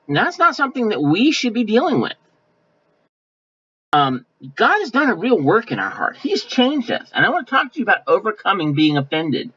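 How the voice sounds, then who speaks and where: A male pastor preaching a sermon in a folksy, conversational way, now and then mimicking offended people in quick asides. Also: on the high side, fairly bright tone. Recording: dull lo-fi sound.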